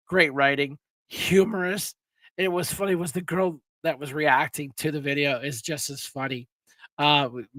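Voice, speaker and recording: A man's voice: fairly high pitch, fairly bright tone, no room sound. A man hosting a casual live-stream chat, rambling and laughing with many restarts, his throat a little sore. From Pennsylvania. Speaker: show host.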